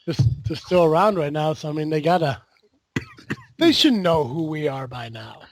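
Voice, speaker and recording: A man hosts a casual podcast, his voice sitting a touch high for a man. He talks loosely and jokes a lot, swearing freely as he chats with his co-hosts. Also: sing-song, measured pace, slight background noise. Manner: loose, profane, jokey. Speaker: podcast host. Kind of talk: casual chat.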